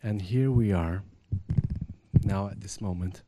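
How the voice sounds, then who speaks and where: Deep slow-spoken groom. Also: male voice, very noisy. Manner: earnest, measured vow delivery. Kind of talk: reading wedding vows.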